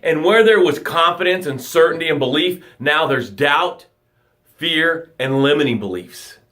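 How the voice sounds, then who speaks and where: A man giving a motivational talk to his viewers as a coach, swinging from loud urging to soft, hushed guidance. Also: a little high, animated, a little slow. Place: home livestream. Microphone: phone or webcam, live broadcast.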